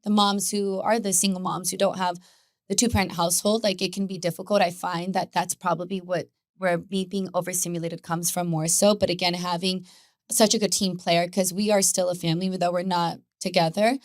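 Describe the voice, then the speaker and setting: A woman guest, a Pilates instructor, telling stories in a casual, animated podcast chat. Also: fairly low pitch, brisk, no echo, studio quality. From Mexican-American family. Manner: chatty, animated storytelling with laughter.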